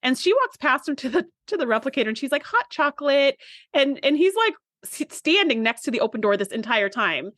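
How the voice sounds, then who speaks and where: A woman co-hosting a podcast, telling the story of an episode in casual chat and acting out the lines as she goes. Her voice sits on the higher side and sounds close and dry, with no room around it. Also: quick pace, few pauses, dry recording. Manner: animated storyteller, acts out quotes. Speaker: podcast co-host.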